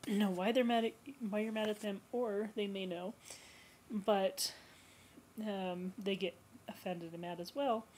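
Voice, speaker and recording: A woman counselor speaking to camera in a relaxed, conversational vlog, explaining ideas for eating disorder recovery. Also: mid-range voice, a little hiss or hum, poor audio. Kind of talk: educational vlog talk.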